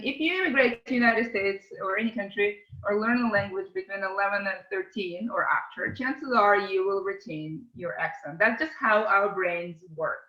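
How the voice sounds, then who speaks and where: Woman with a non-native english accent, earnest and thoughtful, lots of ums, bright voice, echoey room. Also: mid-range voice, highs cut off. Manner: reflective, earnest, many hesitant "um"s and restarts. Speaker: podcast guest, company CEO. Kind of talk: casual interview conversation. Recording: roomy echoey sound.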